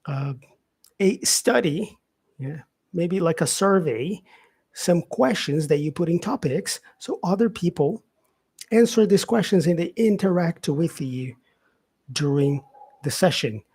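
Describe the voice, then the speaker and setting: A man teaching English vocabulary on a live stream, explaining slowly and filling pauses with "yeah" and "um". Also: a little high, dark tone, husky. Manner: explains slowly, with many fillers and repeated "yeah". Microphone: facing camera, streaming live.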